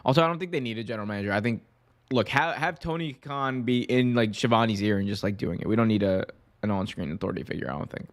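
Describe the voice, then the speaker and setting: A man hosting a podcast, giving a casual recap and answering fan questions in a rambling, excitable way. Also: lowish voice, fast. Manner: rambling and excitable, heavy use of "like". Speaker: podcast host.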